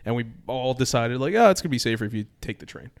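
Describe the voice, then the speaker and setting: A man from New Jersey telling a long story in casual chat, animated and full of swearing. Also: medium pitch, fast.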